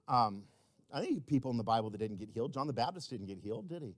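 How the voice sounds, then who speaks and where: A man preaching a sermon as pastor, swinging between loud emphatic repetition and quiet, intimate asides. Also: mid-range voice, big pitch swings, fast, no echo, studio quality. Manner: repeats key words for emphasis.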